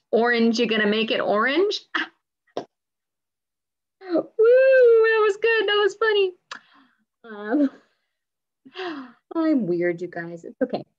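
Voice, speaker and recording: A woman music teacher with a high voice who takes her time, speaking slowly and cheerfully to small children. She sings along and gives gentle, encouraging directions. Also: highs cut off. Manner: upbeat, encouraging, talks to young children. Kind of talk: children's music lesson with singing.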